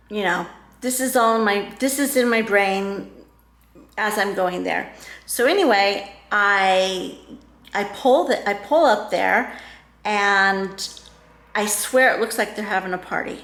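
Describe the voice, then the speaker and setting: Slow-talking woman telling a story. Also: medium pitch, fairly bright tone. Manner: emotional, rambling with many restarts and fillers. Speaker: vlogger. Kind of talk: casual storytelling chat. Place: home room. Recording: echoey room.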